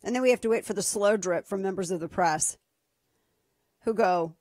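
A woman's voice: medium pitch, normal speed, long pauses, dry recording, clean studio sound. A woman hosting a political talk radio show, speaking casually with a sarcastic, mocking edge. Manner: sarcastic, mocking, lively asides.

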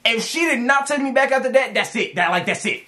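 A man giving casual dating advice as he reacts to text messages, animated and slangy, repeating lines for emphasis. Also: very high-pitched, a little fast.

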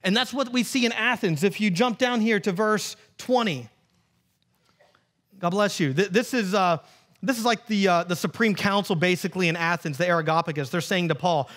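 A man in his thirties, a pastor preaching a lively sermon and acting out quotes in playful voices. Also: sits high, normal speed. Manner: animated, acts out quotes in funny voices. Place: church sanctuary.

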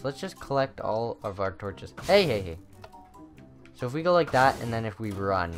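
Excitable gamer with a lively voice. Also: mid-range voice, moderate pace, soft background music. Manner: excitable, swings from muttering to shrieking. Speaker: gamer playing a maze map. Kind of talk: let's play commentary.

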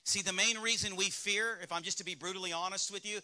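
A man's voice: high voice, steady tone, fast, sharp tone. A male pastor with a Southern US accent preaching a sermon in a church, speaking candidly and asking the congregation rhetorical questions. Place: church sanctuary.

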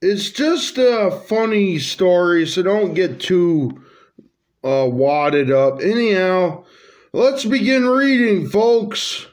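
Man reading his own story aloud, high voice, slow, rambling, hesitant asides. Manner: rambling, hesitant, full of fillers.

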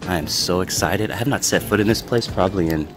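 A man with a very low voice talks casually into a handheld camera as he walks around filming, reminiscing as he goes and sometimes dropping to a hush. Music plays clearly underneath his voice. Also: quick pace. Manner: reminiscing, hushed at times. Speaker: vlogger. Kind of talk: casual walking vlog.

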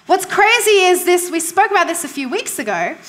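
Bright-voiced woman preaching a sermon. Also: very high-pitched, very animated, brisk. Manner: conversational and emphatic, asks the congregation questions; repeats key phrases for emphasis. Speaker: pastor.

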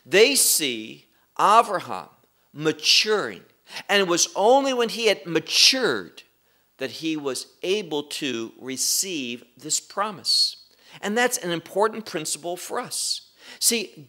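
A man teaching a Bible study, explaining verses deliberately and with emphasis, and asking his listeners questions. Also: fairly high pitch, pushed and bright.

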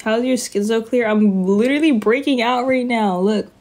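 A woman's voice: on the high side, normal speed, darkish tone. A young woman, chatting on a phone live stream from her bedroom, with lots of fillers and laughter. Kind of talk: casual live-stream chat.

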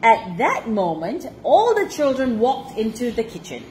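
A woman from Malaysia reading a children's storybook aloud to her child, expressive with laughing asides. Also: on the high side, a little slow, slight background noise, poor audio.

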